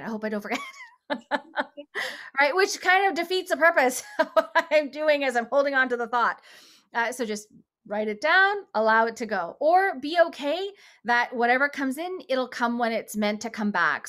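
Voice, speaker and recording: Woman running a meditation class, gentle and chatty, laughs a lot, voice on the higher side. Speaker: meditation leader. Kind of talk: guided meditation instruction.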